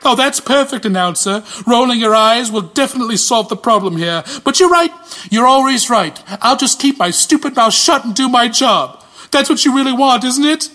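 A man's voice: very high-pitched, lively intonation, normal speed, sharp tone. A man narrating a comedic audio drama with whiny, self-pitying, rambling asides.

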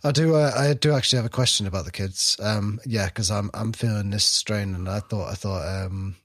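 A man's voice: on the low side, brisk, fairly bright tone. A man who co-hosts and produces a podcast and talks in a rambling, hesitant, self-mocking way. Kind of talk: casual banter.

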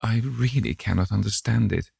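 A fussy, exclaiming grand old hostess scolds her guests in a raised, lifted voice, as a man reads her in an audiobook. The sound is close and dry, with a gravelly edge under the put-on height. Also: on the low side, moderate pace, a little mellow, no echo, pitched above the performer's own voice, heavily acted. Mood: scolding. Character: chatty scolding elderly society hostess, woman. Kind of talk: audiobook character reading.

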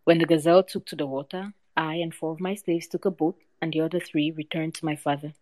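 A woman's voice: sits low, steady tone, quick pace, darkish tone, no room sound, natural voice. A woman reading the part of a young sultan's son who recounts his adventures in a storybook tale.

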